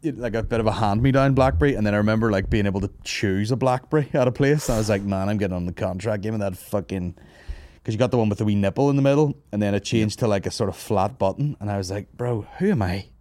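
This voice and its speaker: Low-voiced man telling rambling stories. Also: fast, darkish tone. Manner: swearing, rambling storyteller, laughing at own jokes. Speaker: podcast host. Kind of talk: casual comedy podcast banter.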